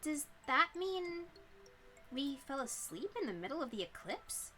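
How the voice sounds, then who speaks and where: A woman voicing an excitable teenage schoolgirl while reading a visual novel aloud, bubbly and prone to flustered outbursts. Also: sits high, measured pace, soft background music, pitched above the performer's own voice, exaggerated voice. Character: excitable cheerful teenage girl student.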